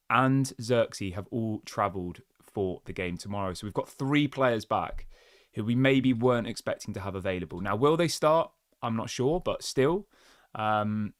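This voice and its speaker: A man's voice: lowish voice, dry recording. Chatty man, dry close sound. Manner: chatty, thinks aloud with restarts. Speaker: football channel host. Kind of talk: casual solo fan commentary.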